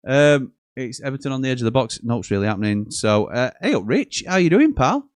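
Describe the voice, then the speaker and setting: A man's voice: mid-range voice, sing-song, fairly quick, clear, resonant tone, no echo, clean studio sound. A man hosting a live football watchalong, chatting casually, joking and reading out viewer messages. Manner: chatty, jokey, reads out messages and chuckles often.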